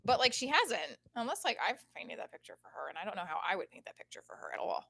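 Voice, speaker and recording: In a mid-range, slightly bright and creaky voice, a woman in her thirties rambles fast and very animatedly through her podcast, swearing freely and leaning on fillers. It's a candid live-stream monologue captured on a home setup that streams and records simultaneously, with slight background noise.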